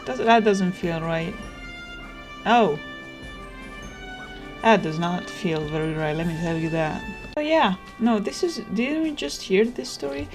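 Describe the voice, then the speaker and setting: A young woman chatting casually as she plays a video game, rambling and thinking out loud. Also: medium pitch, expressive, measured pace, pauses often. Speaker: gaming streamer. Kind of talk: casual let's play commentary. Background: game music.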